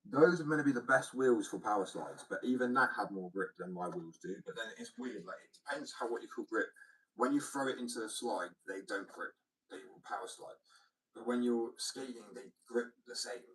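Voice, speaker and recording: A man with a deep, mumbly voice, chatting casually on a stream, rambling, looping back on his point and swearing offhandedly. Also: a little fast. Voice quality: naturally deep voice, mumbly when relaxed. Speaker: fingerboard streamer. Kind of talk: casual live-stream chat. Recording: built-in mic, a little distant.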